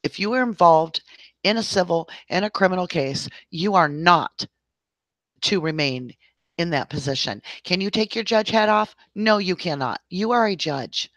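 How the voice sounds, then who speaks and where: A woman's voice: lowish voice, expressive, moderate pace, a bit bright, dry recording. A woman hosting a livestream, ranting at length in an exasperated voice and talking straight to her viewers. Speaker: livestream host.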